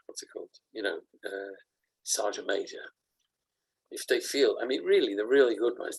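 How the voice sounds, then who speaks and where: Husky, lively rabbi teaching. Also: male voice, medium pitch, low-quality recording. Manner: animated, jokey, acts out examples. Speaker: rabbi teaching a weekly Torah class. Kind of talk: Torah class lecture.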